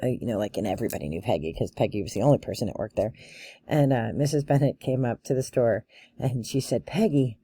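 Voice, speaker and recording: Brief: woman vlogger, relaxed storyteller, warm low-key tone, dry close sound. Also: fast, slightly rough, no echo. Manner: chatty storyteller, laughs often, many fillers. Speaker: bagpiper and vlogger. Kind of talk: casual chat.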